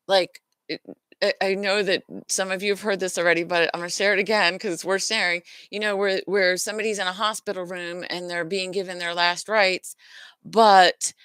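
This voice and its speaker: A woman hosting a healing talk, teaching in an earnest, searching way and pausing to regroup her thoughts. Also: mid-range voice, sharp tone, no echo. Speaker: host, emotional healing teacher. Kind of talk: unscripted teaching monologue.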